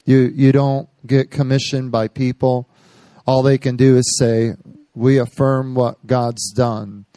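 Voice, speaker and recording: A man preaching, telling a personal story and acting out what others said in lively bursts. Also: medium pitch, takes it slowly, dry recording. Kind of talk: sermon testimony.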